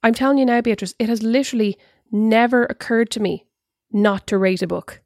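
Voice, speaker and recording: A woman's voice: fairly high pitch, brisk, darkish tone, no echo, studio quality. A woman co-hosting a podcast with her sister, talking in a chatty, teasing way and laughing easily. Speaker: podcast co-host. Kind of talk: casual chat.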